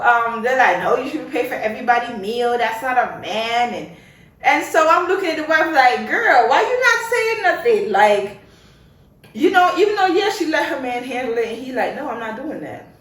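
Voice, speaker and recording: A young woman hosting her own podcast, ranting in a lively, opinionated way and laughing often. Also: high-pitched, recorded from a distance. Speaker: podcast host. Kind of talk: casual opinionated monologue. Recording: echoey room, off-mic.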